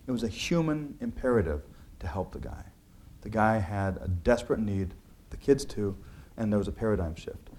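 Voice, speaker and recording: At normal speed and with lively intonation, a man with a lowish, darkish voice talks about his book. His manner is earnest and conversational, full of restarts and filler words.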